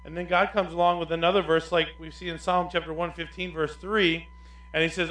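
A male pastor preaching with a bright, fairly high voice that leaps up for emphasis and drops low for quiet asides. His sermon rings through an echoey church room. A faint hum sits underneath. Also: brisk. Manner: animated, swings between loud emphasis and quiet asides.

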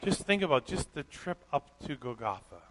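A man preaching a sermon, reading scripture aloud and swinging from quiet reflection to loud, animated emphasis. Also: fairly high pitch, normal speed. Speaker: pastor. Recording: long hall reverb.

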